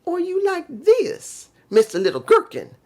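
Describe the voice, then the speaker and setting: Vlogger doing a teasing wrestler guy, pitch jumping way up and down, sing-song jabs. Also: huge pitch swings, normal speed, slight background noise, exaggerated voice. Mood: mocking. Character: mocking male wrestler taunting a rival.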